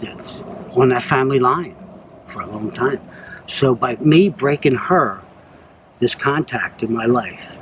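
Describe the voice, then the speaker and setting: A man's voice: medium pitch, slight background noise, rough recording. A man speaking in a rambling, earnest casual monologue to his viewers. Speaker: vlogger.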